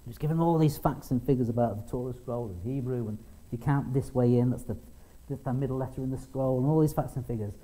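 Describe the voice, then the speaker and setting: Speaking fast with hardly any pauses, this middle-aged preacher has a medium-pitched, dark-toned voice, captured on a low-quality recording. His conversational sermon mixes storytelling with restarts and little acted voices for the people he quotes.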